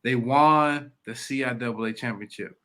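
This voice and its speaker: A man co-hosting a podcast, talking in an excitable, emphatic way with blunt, mild swearing. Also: mid-range voice, normal speed. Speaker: podcast co-host. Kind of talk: casual podcast talk.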